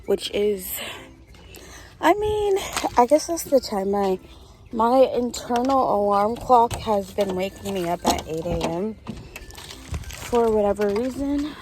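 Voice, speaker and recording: A young woman vlogging casually to her viewers from her car, expressive and exasperated, calling them y'all. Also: mid-range voice, takes it slowly, long pauses, background noise. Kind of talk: casual vlog talk to camera. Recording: background music under voice.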